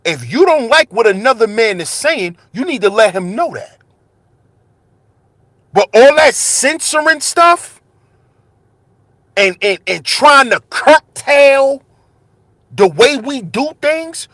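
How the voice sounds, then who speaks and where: A man's voice: very high voice, a bit bright, dry recording. A man hosting his own channel, delivering an impassioned monologue with rhetorical questions and repeated phrases, raising his voice with passion. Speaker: commentary channel host.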